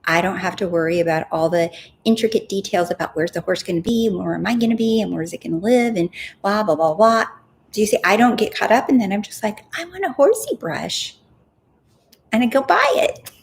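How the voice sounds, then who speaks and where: A young adult woman hosting a casual live Q&A as a manifestation coach, chatty and animated, often laughing at herself and checking in with "right?". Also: medium pitch, fast.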